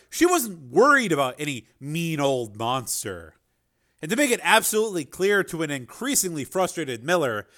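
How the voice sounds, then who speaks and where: A man's voice: mid-range voice, fairly bright tone. A man narrating a chapter of an adventure novel as an audiobook reader. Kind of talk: scripted narration.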